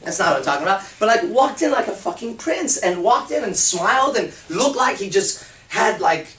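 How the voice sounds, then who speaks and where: Guy with a high voice giving a cursing dating seminar, echoey room, mic kinda far off. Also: moderate pace. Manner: blunt, profane, animated. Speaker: dating and confidence coach. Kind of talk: seminar talk to a live group.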